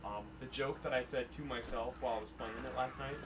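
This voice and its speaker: A young man in casual gaming chat, excitable, swearing and breaking into laughter. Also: mid-range voice, fast. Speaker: co-host playing guide. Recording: distant mic with faint noise.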